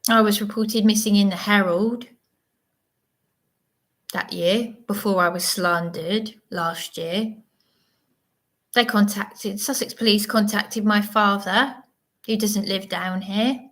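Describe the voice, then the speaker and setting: A woman's voice: medium pitch, fairly even intonation, slow pace, pauses often, fairly bright tone. A woman, hosting an unscripted livestream monologue, rambling and digressive with many restarts. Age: 30s. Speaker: livestream host.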